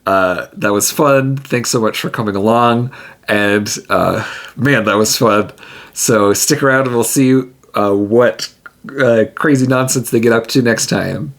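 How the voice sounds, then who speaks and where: A man's voice: mid-range voice, unhurried, fairly bright tone. A man narrating and playing a solo tabletop game in a rambling, easygoing way. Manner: rambling, laughing often.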